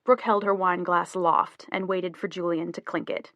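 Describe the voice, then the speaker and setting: Low-voiced woman narrating an audiobook. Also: fairly even intonation, normal speed, fairly bright tone, no echo. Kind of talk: scripted narration.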